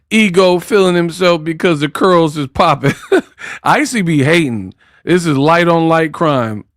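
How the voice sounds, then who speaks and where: On the high side, a man's voice carries a casual boxing show where he trash-talks, cracks jokes, sings, and does mock accents. The clean studio recording has no room sound.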